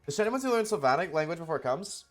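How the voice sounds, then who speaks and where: A man's voice: on the high side, sing-song, racing, faint music behind. A man streaming live, chatting casually and joking with his viewers, often laughing.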